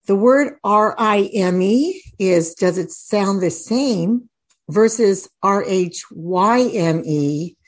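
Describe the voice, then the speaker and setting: A middle-aged woman walks parents through reading drills at a slow, careful pace. She models each example word deliberately, pausing so listeners can try it at home. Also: mid-range voice, darkish tone. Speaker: reading teacher. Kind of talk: instructional talk to parents.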